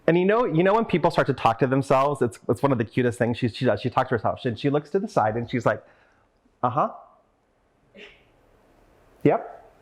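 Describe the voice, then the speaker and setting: A man's voice: medium pitch, animated, fast talker, hardly any pauses. A man giving a motivational talk as a conference speaker, telling a personal story earnestly and with open emotion, and acting out the voices of the people in it. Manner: earnest, openly emotional, acts out the voices in his stories.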